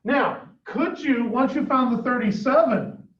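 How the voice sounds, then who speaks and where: A man with a fairly high voice leads a math lesson, pausing to pull answers from his students. He is picked up from a distance. The sound is dull and roomy, as in a classroom. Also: expressive. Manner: questioning, coaxing students for answers. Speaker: math teacher.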